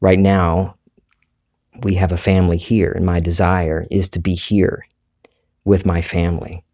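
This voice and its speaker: Southern US male host, low-pitched, reflective storyteller, monologue delivery. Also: flat delivery, measured pace, mellow. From Deep South, USA. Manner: thoughtful, storytelling, self-reflective.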